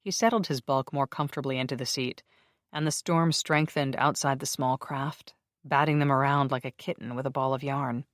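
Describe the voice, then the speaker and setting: A steady, measured audiobook narration of a paranormal romance, with a medium pitch and level delivery. It is recorded close with a dry sound. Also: no room sound.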